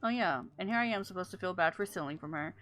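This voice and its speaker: A woman's voice: lowish voice, animated, quick pace, fairly bright tone, faint music behind. A woman streamer giving casual game commentary, muttering wry asides to herself.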